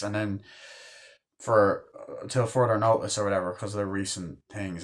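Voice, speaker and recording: A man in his twenties reviews a movie casually and ramblingly, peppering his talk with filler words and offhand cursing. His voice is lowish and flat, and he speaks a little fast.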